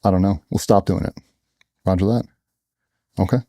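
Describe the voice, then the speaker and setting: A middle-aged man with a very dark, mellow voice tells blunt war stories and acts out the quotes. His speech is a little low in pitch and sounds close and dry, with no room around it. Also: steady tone, normal speed, no echo. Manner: blunt, profane storytelling with acted-out quotes. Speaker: guest, former special operations sailor. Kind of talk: storytelling in a casual interview.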